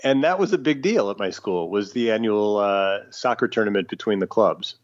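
A man's voice: fairly low pitch, animated, normal speed. Joking man co-host, slightly muffled. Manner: joking, teasing banter. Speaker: podcast co-host. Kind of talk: casual chat. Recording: slightly dull lo-fi sound.

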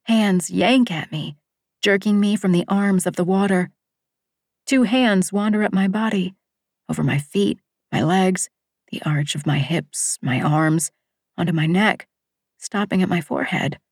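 A woman narrating a novel in the first person, measured and lyrical, dropping at times into a hush. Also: on the low side, no room sound, clean studio sound. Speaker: audiobook narrator.

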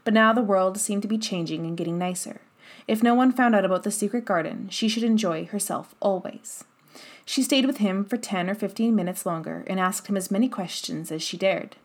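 A woman narrating a classic children's novel in an even storytelling manner. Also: medium pitch, a little fast. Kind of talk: audiobook narration.

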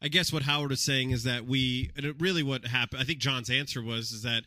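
A man's voice: medium pitch, steady tone, fairly quick, sharp tone, no echo, clean studio sound. A man co-hosting a podcast, telling stories in a rambling casual way with many fillers. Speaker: podcast co-host. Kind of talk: casual chat.

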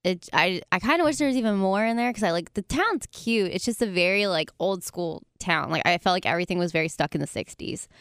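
A woman's voice: on the low side, animated, quick pace, hardly any pauses, fairly bright tone, smooth, no room sound, studio quality. A young adult woman from South Carolina, telling stories in casual chat with many fillers. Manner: rambling, filler-heavy storytelling. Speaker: guest.

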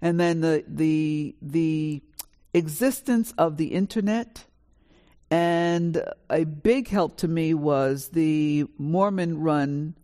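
A woman in her sixties shares her family story on stage at a live panel. She is from New York and speaks with lively, animated energy. She acts out the dialogue as she goes. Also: sits low, takes it slowly. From New York, USA. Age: 60s. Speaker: author on a panel. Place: college auditorium with a live audience.

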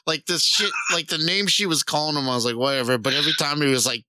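A man's voice: a little high, animated, fast, pushed and bright, dry recording. A man in casual chat who laughs often and answers with short agreeing replies.

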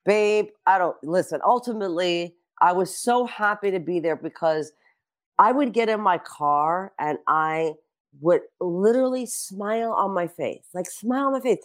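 A middle-aged woman with a lowish voice, speaking at a moderate pace, is a guest in casual chat. She's a brash, animated storyteller who loves a punchline, swears freely, and acts out quotes.

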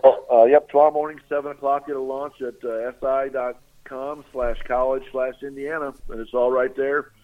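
A man phoning in to a radio show, his voice squeezed thin by a tinny phone line. He rambles through his analysis, full of "uh" and "you know" and restarted sentences, at an ordinary middle pitch. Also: flat delivery, normal speed. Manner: rambling, many fillers and restarts. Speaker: guest sportswriter.

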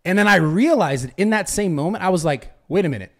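A man's voice: high voice, lively intonation, fairly quick. A young man on a podcast, telling a story animatedly, swearing a lot and restarting his sentences. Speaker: podcast host. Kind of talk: casual podcast chat.

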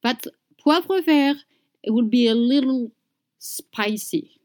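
A woman teaching pronunciation, saying each word slowly and clearly and repeating it for learners. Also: on the high side, a little mellow. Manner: slow, deliberate, repeats words for learners. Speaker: French teacher. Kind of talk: slow pronunciation lesson.

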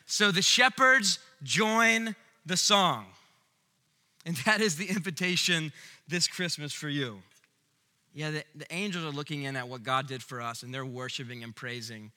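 A man preaching a sermon in a bright, sharp, high voice. He swings from loud, emphatic bursts to hushed, quiet lines. The sound rings with the long reverb of a large hall. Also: measured pace. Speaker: pastor.

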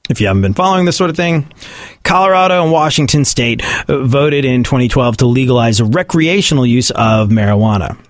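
A man's voice: medium pitch, animated, fairly quick, dry recording. A man giving sarcastic comedic commentary on the news and often laughing at his own points.

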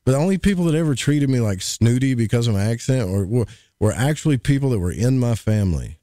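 A man's voice: medium pitch, expressive, quick pace, warm tone, no room sound, studio quality. A man, co-hosting a podcast in casual, rambling chat with jokes. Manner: folksy, rambling, jokey. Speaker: podcast co-host.

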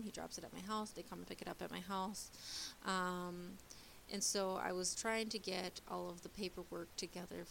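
A woman in her thirties, a mother, telling a personal story in a candid, halting way with many pauses and restarts. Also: mid-range voice, vocal fry, a bit bright, slight background noise. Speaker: mother sharing her day.

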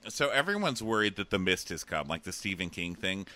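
A man's voice: sits low, brisk. A man co-hosting a casual chat, laughing often as he mockingly recaps a reality show. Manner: laughing, animated, mocking impressions. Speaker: podcast co-host.

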